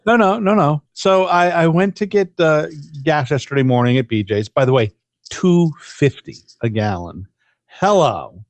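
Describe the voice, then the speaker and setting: A man's voice: a little high, expressive, a little slow, no echo. A man co-hosting a podcast, telling a long profane story in casual chat, with many restarts. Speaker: podcast co-host.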